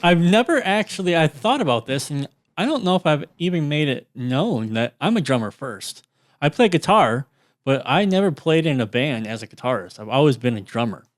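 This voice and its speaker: A man talking casually as a guest over a video call, explaining with relaxed, dry sarcasm. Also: on the high side, moderate pace. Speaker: guest, drum programming course creator.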